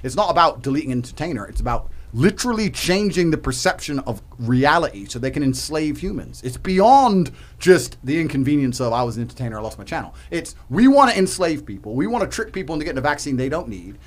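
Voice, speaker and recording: A man's voice: very animated, fairly quick, few pauses. A man ranting emphatically and profanely as a podcast guest in a heated debate. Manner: emphatic, ranting, profane, swings loud and high.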